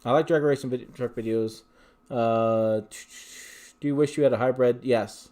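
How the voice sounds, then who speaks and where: At a moderate pace and in a steady, darkish, mid-pitched voice, this livestream host works through questions from viewers. His answers wander in a loose, talkative way, full of filler words and sentences he starts over.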